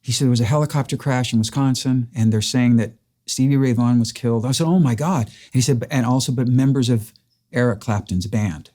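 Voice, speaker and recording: A man's voice: medium pitch, fairly quick, warm tone. A man earnestly recounting a personal story in a casual chat, acting out the dialogue. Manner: earnest, emotional, re-enacts dialogue. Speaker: interviewer.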